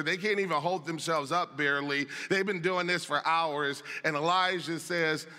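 A man's voice: fairly high pitch, steady tone, normal speed, few pauses, sharp tone. A man preaching a sermon as pastor, reading scripture aloud with emphatic delivery. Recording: long reverb of a large hall.

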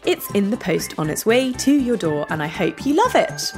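A woman hosting a podcast for children, reading a script in a bright, expressive way. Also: mid-range voice, normal speed, faint music behind. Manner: bright, lively, expressive delivery.

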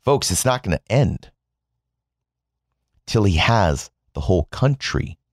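A man's voice: lowish voice, sing-song, takes it slowly, dry recording, studio quality. An American man giving a sarcastic, profane commentary monologue to his viewers, whom he calls "folks.". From United States. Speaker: political commentator.

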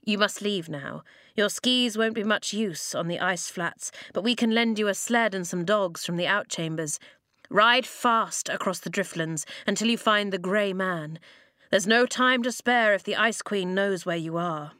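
A woman voicing a calm, steady male tribe leader in a storybook reading, speaking slowly and deliberately. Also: medium pitch, no room sound, studio quality. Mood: urgent, firm. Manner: slow, measured speech.

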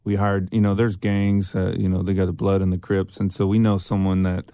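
Middle-aged male guest, gravelly, dry close mic, loose and jokey delivery. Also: deep voice, completely flat delivery, fairly quick, warm tone, no room sound. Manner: rambling, loose, jokey, many fillers. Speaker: guest musician. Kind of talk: casual podcast interview.

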